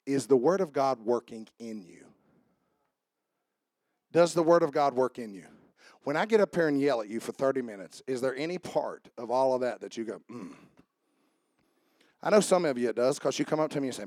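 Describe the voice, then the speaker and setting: A male pastor preaching a sermon to his church, swinging between shouted emphasis and low conversational asides. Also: animated, brisk, pauses often, no room sound, clean studio sound. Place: church sanctuary.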